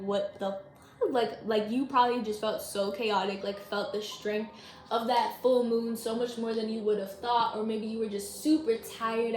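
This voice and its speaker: A woman giving a casual spiritual reading to camera, chatty and rambling, with lots of "like" and "y'all". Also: fairly high pitch. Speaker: tarot reader. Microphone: camera mic. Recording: echoey room, faint noise.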